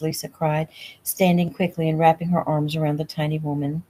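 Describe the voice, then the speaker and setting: A woman author reading her own novel aloud at home in a relaxed, unpolished way. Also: sits low, normal speed, slight background noise. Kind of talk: casual audiobook narration. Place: home room.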